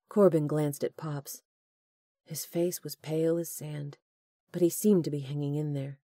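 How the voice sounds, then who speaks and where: A woman narrating a romance audiobook in steady, measured storytelling. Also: sits low, no room sound, studio quality. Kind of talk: scripted narration.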